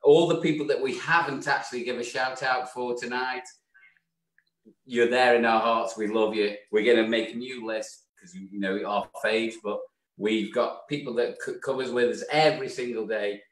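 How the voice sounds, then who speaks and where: A man co-hosting a live online show, with a mid-pitched voice. He speaks effusively and with emphatic warmth toward his co-host, and his voice carries a roomy echo. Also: steady tone, moderate pace.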